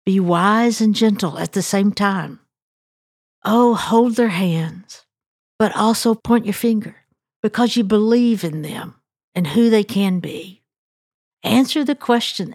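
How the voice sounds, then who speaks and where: A woman sharing a personal story as a devotional, weaving in scripture as she goes. She speaks slowly and deliberately. The recording is close and dry. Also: medium pitch, no room sound. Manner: warm anecdotal storytelling with scripture.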